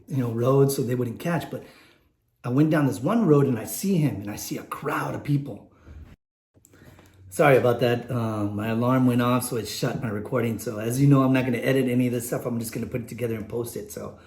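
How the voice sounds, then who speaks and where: A man's voice: mid-range voice, brisk, darkish tone. Candid middle-aged man, echoey room. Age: late 40s. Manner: rambling, candid, many fillers and restarts. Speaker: vlogger telling a personal story. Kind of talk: unscripted personal storytelling. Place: indoors, warm room.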